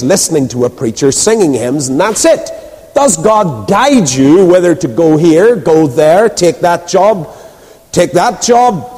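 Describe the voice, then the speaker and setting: Guy preaching, high lively voice, echoey hall. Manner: animated storytelling, rhetorical questions, acts out quoted voices. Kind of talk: sermon. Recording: reverberant hall.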